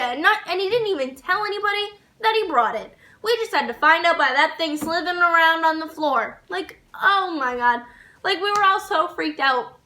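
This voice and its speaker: A young woman vlogger telling a story to camera in a casual, animated way, swearing and laughing as she goes. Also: very high-pitched, normal speed.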